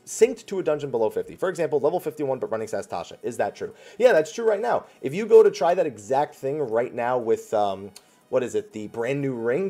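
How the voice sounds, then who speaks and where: Answering viewer questions on his weekly Q&A, the New Jersey host keeps things casual and chatty. His voice is mid-range with a warm tone.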